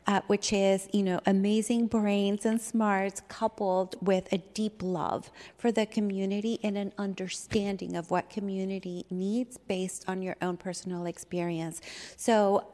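Woman, mid-pitch voice, emotional unscripted tribute, many fillers, long chamber reverb. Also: little pitch movement, unhurried, darkish tone. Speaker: board supervisor. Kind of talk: heartfelt tribute speech. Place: government meeting chamber.

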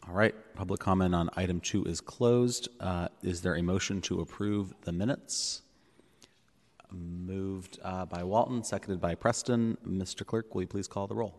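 A man chairing a public board meeting in a relaxed way, with a few fillers. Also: sits low, moderate pace. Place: city hall chamber. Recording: long reverb of a hall.

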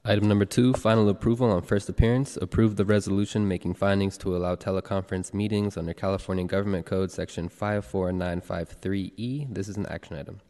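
A male clerk calling the roll and reading procedural announcements in a city hall chamber, even and formal. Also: low voice, quick pace, few pauses. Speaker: board clerk. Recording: long reverb of a large chamber.

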